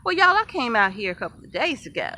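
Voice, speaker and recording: Homesteader, higher-pitched woman, talks to viewers while walking an outdoor garden. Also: fast, a little hiss or hum. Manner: chatty, excitable, addresses viewers often, laughs easily. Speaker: homesteader showing her garden. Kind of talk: casual garden tour vlog.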